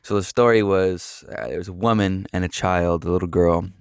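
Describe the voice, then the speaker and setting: Low-voiced guy doing a casual motivational vlog, lots of ums, dry sound. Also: steady tone, moderate pace, clean tone, dry recording. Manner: rambling, filler-heavy, earnest. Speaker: vlogger.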